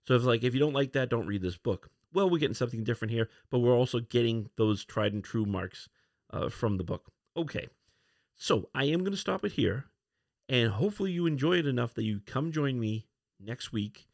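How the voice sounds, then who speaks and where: A man's voice: medium pitch, animated, brisk, creaky, a little mellow, dry recording, studio quality. A man hosting a casual solo podcast, rambling through a comic review with many restarts and fillers. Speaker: podcast host.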